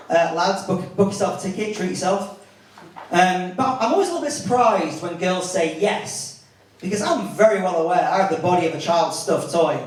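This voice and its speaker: Northern english comic in an echoey club. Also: male voice, a little hiss or hum. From north of England. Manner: animated, jumps into high-pitched character voices for punchlines. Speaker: stand-up comedian. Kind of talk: stand-up comedy set. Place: comedy club. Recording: echoey club from a distance, clear crowd laughter.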